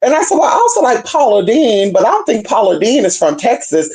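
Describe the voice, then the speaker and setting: Sassy chatty woman, lively voice. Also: fairly quick. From California. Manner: sassy, chatty, calls listeners baby and girl; swings from low murmurs to high squeals. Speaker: spiritual reader. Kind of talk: casual monologue to viewers.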